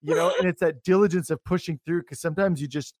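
A man hosting a faith interview show, talking in a relaxed, rambling and self-deprecating way. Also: on the high side, fast talker, dry recording. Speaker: podcast host. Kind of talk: casual interview chat.

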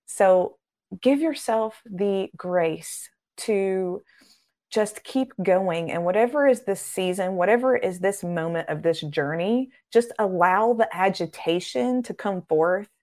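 A woman's voice: mid-range voice, slow, a little mellow. A woman guest on a faith podcast, speaking in an earnest, preacherly way and building her points through repeated phrases. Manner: acts out quoted voices in a raised tone. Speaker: podcast guest, ministry founder.

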